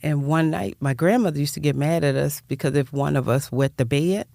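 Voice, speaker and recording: A woman's voice: sits low, fairly quick, gravelly, dark tone, dry recording, studio quality. An older woman, recounting her life as a guest in an interview in a heartfelt, rambling way that repeats words. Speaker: guest, nonprofit founder. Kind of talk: personal storytelling in interview.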